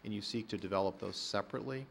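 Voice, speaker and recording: A man's voice: fairly low pitch, racing, creaky, slight background noise. A man chairing a public planning meeting, phrasing his questions carefully and running through procedure. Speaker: commission chair.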